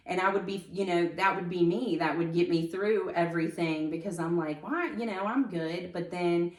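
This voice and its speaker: Low-voiced woman, halting testimony. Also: level tone, reverberant, distant mic. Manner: halting, with many fillers and restarts. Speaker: podcast guest. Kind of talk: personal testimony in conversation.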